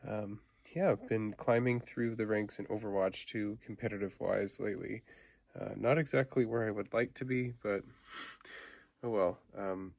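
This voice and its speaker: A man with a low, gravelly voice talks casually late at night, drifting from thought to thought with plenty of fillers and restarts. The sound is dry and close, with no room around it. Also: steady tone, moderate pace, a little mellow, no room sound. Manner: rambling, reflective, many fillers and restarts. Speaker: vlogger.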